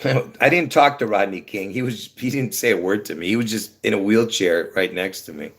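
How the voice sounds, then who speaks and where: A man's voice: fairly low pitch, normal speed. A man rambling casually to his viewers on a livestream from his apartment, trailing off with many fillers. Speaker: livestream host.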